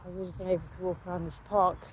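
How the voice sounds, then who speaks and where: A woman's voice: on the low side, little pitch movement, very fast. A woman chatting to her viewers as she walks, getting out of breath and rambling with many fillers. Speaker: vlogger. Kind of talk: casual walking vlog. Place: park outdoors at sunrise. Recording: noisy outdoor phone recording. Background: birdsong, dogs and passing traffic.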